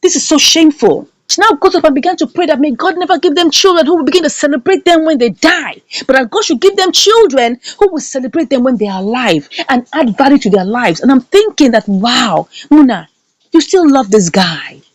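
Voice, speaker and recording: Her voice is high-pitched and animated, a little fast, with no echo on the recording. A movie reviewer, she recaps a film with indignant, emphatic commentary, echoing lines back for effect.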